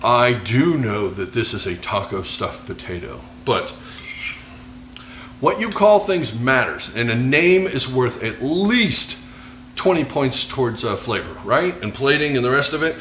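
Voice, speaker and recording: A man's voice: mid-range voice, lively intonation, unhurried, fairly bright tone, slight background noise. An American man cooks on camera and chats as he goes, cracking jokes at his own expense. His voice bounces around a roomy kitchen, with the faint clink of cutlery and dishes behind him. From United States. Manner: joking, rambling, self-mocking asides. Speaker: cooking show host. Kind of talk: casual cooking demonstration.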